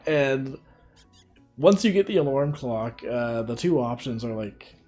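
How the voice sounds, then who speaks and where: A man's voice: medium pitch, expressive, measured pace, a little mellow, faint music behind. A man streaming a farming game, rambling casually with many fillers and frequent laughs. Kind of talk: casual gameplay commentary.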